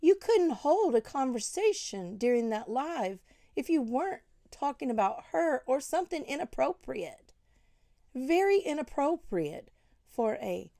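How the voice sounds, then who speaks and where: A woman's voice: sits high, big pitch swings, a little slow, gravelly, dark tone, no echo, studio quality. A woman scolding another online creator in a commentary vlog, indignant and full of rhetorical questions. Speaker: commentary vlogger.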